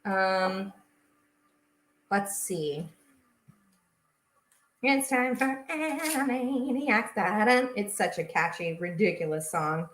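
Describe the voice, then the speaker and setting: A woman's voice: medium pitch, lively intonation, slow pace, long pauses, fairly bright tone, echoey room, a little hiss or hum, rough recording. A young woman hosting a casual baking livestream from her home kitchen, chatting and answering viewers' comments as she works.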